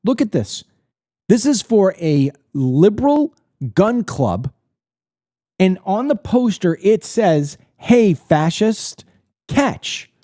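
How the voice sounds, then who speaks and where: A middle-aged American man hosts his own political commentary show and talks straight to the camera. His delivery is blunt and indignant, with emphatic stresses and repeated words when he gets heated. His voice has a dark, mellow tone, recorded dry and close with almost no room sound. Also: high-pitched, big pitch swings, slow pace, long pauses, no room sound. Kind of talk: opinionated monologue to camera.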